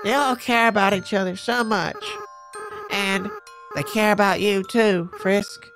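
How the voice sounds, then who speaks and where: A man voicing a gentle, remorseful young goat-monster boy, reading the game's dialogue in a soft, earnest way. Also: high voice, unhurried, over music. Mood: tender.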